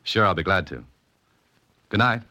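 An actor playing a wry, self-assured detective in a 1940s radio drama, dry and commanding. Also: male voice, deep voice, animated, moderate pace, pushed and bright, dry recording, full character voice. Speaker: private detective.

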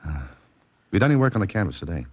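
An actor playing a wry, self-assured detective in a 1940s radio drama, dry and commanding. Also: male voice, deep voice, very animated, very fast, breathy edge, dry recording, lo-fi sound, exaggerated voice. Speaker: private detective.

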